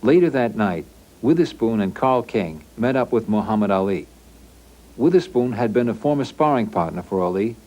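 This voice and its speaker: Low-voiced male documentary narrator. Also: moderate pace, slight background noise. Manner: steady, factual delivery. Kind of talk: scripted narration.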